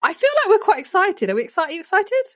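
A woman's voice: very high-pitched, big pitch swings, racing. A woman co-hosting a casual cookbook podcast, playful and laughing often. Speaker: podcast co-host. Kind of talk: casual chat about cookbooks.

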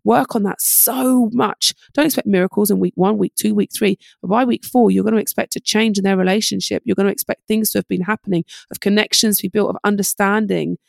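A middle-aged woman on a podcast interview coaches parents quickly and animatedly, acting out short exchanges between parent and child. Her medium-pitched voice has a gravelly fry, and the recording is close and dry.

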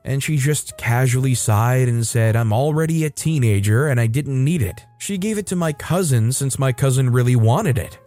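A man's voice: mid-range voice, darkish tone. A man reading internet stories aloud in a matter-of-fact way and adding brief opinions between them. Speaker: story narrator.

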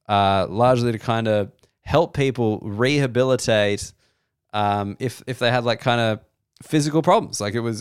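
Australian man with a smooth, dry comic voice. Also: lowish voice, dry recording. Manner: loose, profane storytelling with mock-excited outbursts. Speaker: comedian host. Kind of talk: solo comedy podcast monologue.

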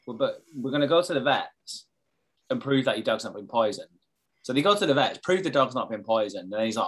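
Dry, jokey man, mid pitch. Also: lively intonation, brisk, a bit bright, slightly rough. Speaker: podcast co-host. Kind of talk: casual chat recapping a soap.

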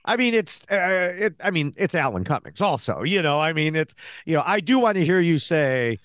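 Animated male podcast co-host, dry sound. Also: a little high, moderate pace, no echo. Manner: chatty, animated, trails off in fillers. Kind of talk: casual chat.

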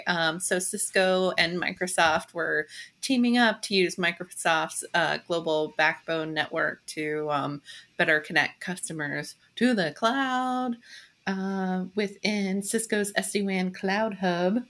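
A woman's voice: mid-range voice, takes it slowly, a bit bright. A woman co-hosting a casual tech news chat, playful and giggly, with many fillers. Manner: giggly, playful, puts on silly accents. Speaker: podcast co-host.

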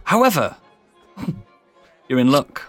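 A man's voice: lowish voice, brisk, a bit bright, faint music behind. A man playing his character in a tabletop game, dry and sarcastic in his banter. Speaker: player.

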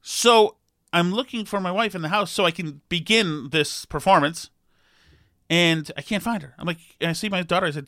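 Animated, self-deprecating man in his forties. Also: high-pitched, moderate pace, no room sound, studio quality. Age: 40s. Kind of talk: comedic storytelling.

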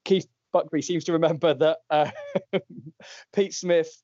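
A man hosts a relaxed chat in a wry, rambling way, correcting himself as he goes. His voice sits a little high. The recording is dry and a bit muffled. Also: measured pace, dry recording. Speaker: podcast host. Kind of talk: casual chat. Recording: dull lo-fi, dry.

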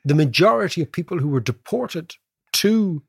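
Animated Irish man, husky voice. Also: on the high side, no room sound, clean studio sound. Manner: animated, quick storyteller, keeps asking "right?". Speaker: podcast co-host, economist. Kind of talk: casual chat.

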